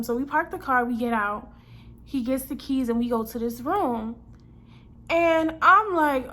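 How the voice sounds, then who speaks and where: A woman's voice: on the high side, a little fast, fairly bright tone. A woman in her twenties telling a personal story in a casual storytime vlog, chatty and slangy, acting out her own lines and other people's. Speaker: vlogger.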